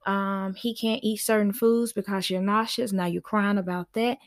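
A woman's voice: mid-range voice, steady tone, moderate pace. Chatty, reassuring woman podcast host. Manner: chatty, reassuring, laughs often. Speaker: podcast host and parenting coach. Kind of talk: casual podcast monologue. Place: her office.

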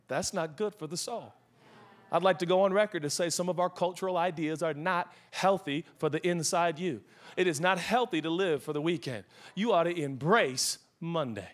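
Young preacher guy, really high bright voice, jokey, yells to make a point. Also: brisk, a faint crowd. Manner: animated, joking, shouts for emphasis. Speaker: pastor. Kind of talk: sermon.

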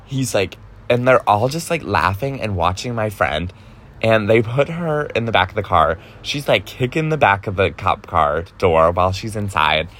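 A young man in his twenties tells a personal story in a loose vlog style. He talks in an animated way, with many fillers and curses, and acts out the voices of the people in his story. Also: fairly low pitch, moderate pace. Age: 20s. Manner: animated, lots of fillers and swearing, acts out quotes. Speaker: vlogger. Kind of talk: casual storytelling.

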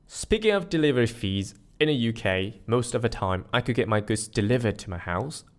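Brisk, with lively intonation and a medium pitch, the Malaysian host delivers his scripted solo podcast. Self-deprecating jokes and playful pronunciation drills fill the episode.

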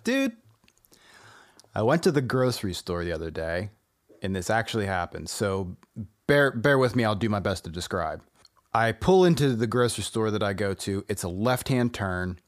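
A man with a somewhat low voice in easygoing podcast banter. He teases his co-host but keeps a calm, reassuring tone, like someone talking a friend down. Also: moderate pace. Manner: laid-back, teasing, talks his friend down. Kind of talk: casual chat.

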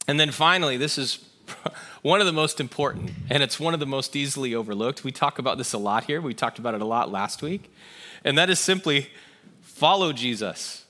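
A man preaching a sermon to a congregation, earnest, moving between raised emphasis and soft, hushed passages. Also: medium pitch, a little fast. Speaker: pastor.

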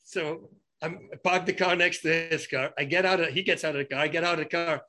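A man telling stories in casual conversation, animated, and often repeating words and restarting his sentences. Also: a little high, fast talker. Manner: animated, acts out both sides of conversations.

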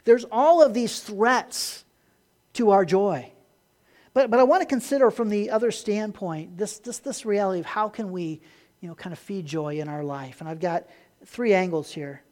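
A pastor preaching a Sunday sermon, rising to emphatic points and dropping quiet, often repeating words as he restarts. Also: sits high, moderate pace.

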